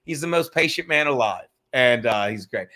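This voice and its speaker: A man's voice: medium pitch, animated, moderate pace, bright, forceful tone. A man hosting a casual livestream chat, rambling and joking as he tells a story, cursing freely. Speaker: podcast host.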